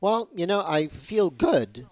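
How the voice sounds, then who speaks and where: A man's voice: sits high, lively intonation, slow, a little mellow, dry recording. A man hosting an interview, rambling and self-deprecating, often restarting his sentences. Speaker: host. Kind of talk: casual interview chat.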